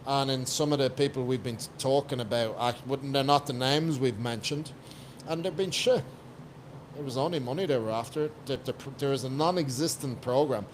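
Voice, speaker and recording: A man's voice: medium pitch, brisk, a little hiss or hum. Blunt, profane Irish man. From Ireland. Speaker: podcast guest, coach. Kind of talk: casual podcast chat.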